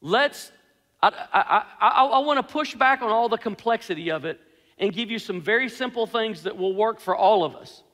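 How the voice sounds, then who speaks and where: A male pastor delivers his sermon with earnest emphasis, circling back to the same phrases to drive them home. His voice sits very high and sounds bright and forceful. It rings with the long reverb of a large hall. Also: animated, normal speed.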